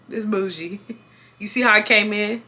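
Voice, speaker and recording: A young woman from Houston with a bright, crisp voice reads a viewer's story to her vlog audience. She stays animated and playful, breaking off to tease and joke between passages. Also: medium pitch, unhurried, slight background noise. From Houston, Texas. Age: 20s. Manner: animated and playful, laughing and joking between parts. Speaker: YouTuber.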